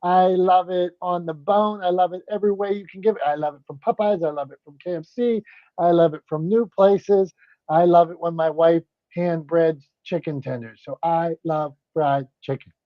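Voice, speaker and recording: A man's voice: sits high, steady tone, no echo. A man co-hosting a casual group chat, upbeat and playful, keeping things moving. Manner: upbeat, playful, quick to move on. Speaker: co-host. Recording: dry, slightly dull sound.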